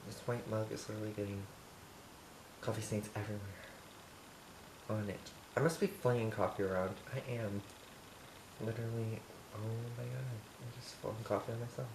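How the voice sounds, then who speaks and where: A man's voice: lowish voice, steady tone, moderate pace, vocal fry, pauses often. A teenage guy from Montana chatting through a casual home baking vlog, sassy, campy and full of swearing. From Montana, USA. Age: teens. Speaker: vlogger. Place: home kitchen. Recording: echoey room with background noise.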